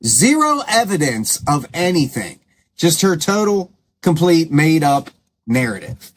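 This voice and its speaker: Lively, sarcastic male commentary host. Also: fairly high pitch, measured pace. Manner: sarcastic, scolding. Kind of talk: combative political commentary.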